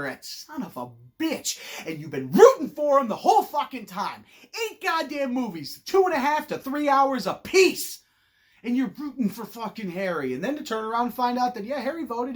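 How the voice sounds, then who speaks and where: A man delivering a profane comedic rant with mock outrage. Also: high-pitched. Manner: ranting, swearing, mock indignation. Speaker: comedic ranter.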